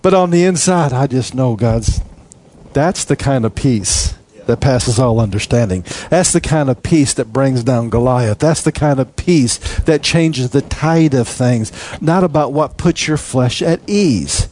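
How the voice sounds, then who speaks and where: A man preaching a sermon in an animated way, acting out voices and laughing as he goes. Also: medium pitch, a little slow. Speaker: pastor.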